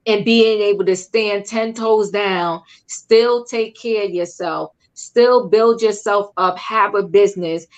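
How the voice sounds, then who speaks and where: A woman's voice: medium pitch, slow pace, few pauses. A woman hosting a casual recap chat, chatty and emphatic, often repeating herself. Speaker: host.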